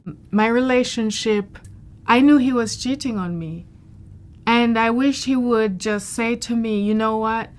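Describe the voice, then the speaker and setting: A woman's voice: on the high side, unhurried. A woman patient speaking frankly and reflectively about her experience. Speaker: patient giving a testimonial. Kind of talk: candid testimonial interview.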